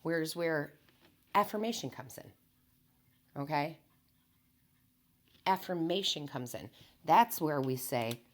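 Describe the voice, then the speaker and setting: A woman tarot reader giving a calm, earnest spiritual motivational talk to her viewers, repeating her key phrases and never hyping things up. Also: sits low, slow, pauses often.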